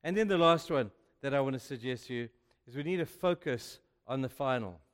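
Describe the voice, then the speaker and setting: A man's voice: medium pitch, animated, a little fast. Emphatic preacher man in echoey hall. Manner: emphatic and chatty, keeps saying "you know". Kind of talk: youth sermon.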